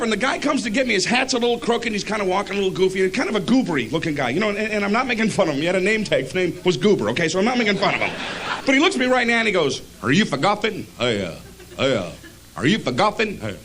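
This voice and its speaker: Animated man telling a stand-up story. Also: high-pitched. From Michigan. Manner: animated, breaks into laughter. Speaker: stand-up comedian.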